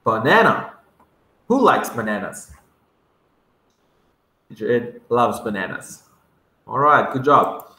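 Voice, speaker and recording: A man teaching English words to young children, sounding them out slowly and coaxing them to repeat after him. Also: mid-range voice, very animated, sharp tone. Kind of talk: vocabulary lesson for kindergarteners. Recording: echoey room.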